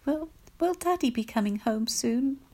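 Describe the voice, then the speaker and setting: A little girl asks her questions high and halting, stumbling over the first words, as a woman reading a storybook puts her on. She is hopeful and frightened at once, and her voice sits well above the reader's own. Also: expressive, darkish tone. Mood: anxious. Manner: small, halting, stammering questions. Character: small girl, curious, hopeful, fearful.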